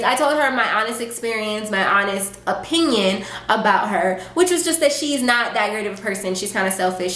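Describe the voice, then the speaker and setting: A young woman vlogger telling a casual storytime, chatty and animated, full of fillers and quoted asides. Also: mid-range voice. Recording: echoey room.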